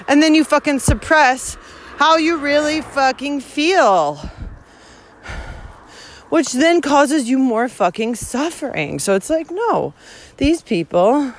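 A woman records herself outdoors on a hiking trail. She talks bluntly and swears heavily, with frequent laughs in a casual rant. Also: medium pitch. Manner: profane, blunt, laughs often. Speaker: hiking vlogger. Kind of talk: casual rant while walking.

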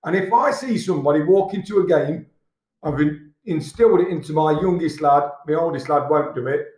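A man's voice: on the high side, a little fast, darkish tone. A middle-aged man, hosting a casual podcast and ranting bluntly with plenty of swearing. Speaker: podcast host. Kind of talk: casual pub-style chat. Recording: echoey room.

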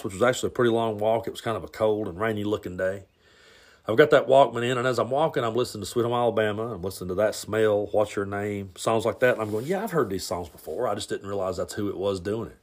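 A man hosting his own podcast, telling a story from his youth in a relaxed, rambling way with plenty of fillers, recorded at home. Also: on the low side. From Tennessee. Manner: rambling, laid-back, lots of fillers. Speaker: podcast host. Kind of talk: casual storytelling monologue. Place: home, near the garage.

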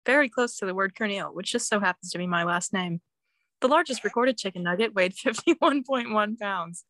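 A woman's voice: mid-range voice, expressive, fairly quick, fairly bright tone, no room sound. A young woman, a podcast guest, chatting casually and giggling while speaking into her phone. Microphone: phone held up to her face.

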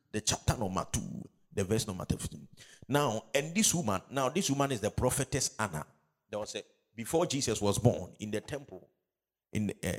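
Male pastor, call-and-response preaching. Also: fairly low pitch. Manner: call-and-response, repeating phrases, building to loud emphatic preaching. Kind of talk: sermon.

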